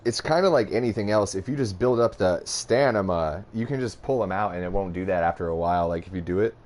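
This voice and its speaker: Young male podcast co-host, lower voice, easygoing and crude banter. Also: fast, darkish tone. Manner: laid-back, swears a lot, laughs often. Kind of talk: casual chat.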